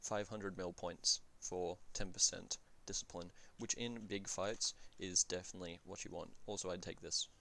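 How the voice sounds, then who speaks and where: A man's voice: low voice, fairly even intonation, moderate pace, vocal fry, few pauses, sharp tone. A man giving casual commentary on a strategy game, thinking aloud and often correcting himself mid-sentence with fillers. He talks in an offhand, blunt way and swears now and then.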